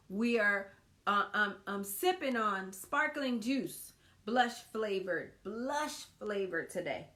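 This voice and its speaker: A woman's voice: mid-range voice, a bit bright. A woman hosting a faith-based marriage tips talk, earnest and encouraging, often repeating phrases for emphasis. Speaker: marriage ministry host.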